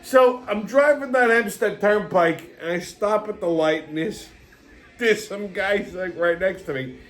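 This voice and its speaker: A man's voice: sits high, unhurried, a bit bright. A middle-aged man, hosting a show and telling a rambling, profane anecdote while laughing often. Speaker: podcast host. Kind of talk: casual storytelling monologue.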